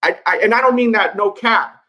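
A man's voice: sits high, fairly quick, sharp tone, rough recording. A man talking to camera in a casual, rambling solo commentary, candid and full of fillers. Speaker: sneaker YouTuber.

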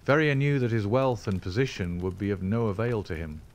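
A man reading a classic novel aloud as an audiobook, measured and steady. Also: on the low side, slight background noise. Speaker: audiobook reader.

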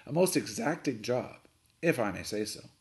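A perfectly composed older butler, as a man reading a storybook puts him on, speaking with polite precision and unshakable calm. His phrasing is formal and measured, with a lively lift on key words. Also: mid-range voice, natural voice.

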